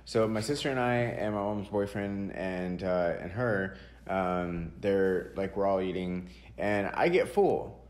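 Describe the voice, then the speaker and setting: A young man from Texas hosting a podcast, telling stories about his childhood in a casual, animated and profane way. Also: low voice, measured pace, few pauses. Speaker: podcast host.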